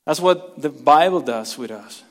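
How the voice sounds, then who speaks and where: High-voiced preaching pastor in a reverberant hall. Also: male voice, expressive, measured pace. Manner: dynamic preaching, drops to soft near-whispers for emphasis; calls for congregation to repeat words. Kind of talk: sermon.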